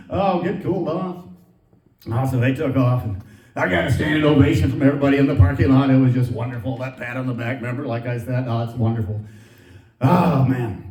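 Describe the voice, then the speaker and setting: A man's voice: on the high side, brisk, darkish tone. A man doing stand-up comedy, telling a long folksy story and laughing at his own jokes. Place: theater stage. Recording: roomy theater sound from a distance.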